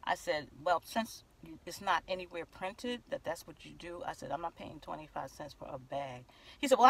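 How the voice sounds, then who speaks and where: A woman vlogging from her car, telling a story in an animated way and acting out the dialogue. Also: lowish voice. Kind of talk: car vlog rant. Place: inside a parked car.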